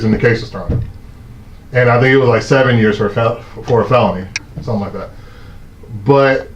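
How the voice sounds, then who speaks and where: A man, hosting a live stream and telling a story in a casual, animated way, swearing often and acting out the shouting cops. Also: mid-range voice. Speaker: host of a live stream talk show. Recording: echoey muffled room sound.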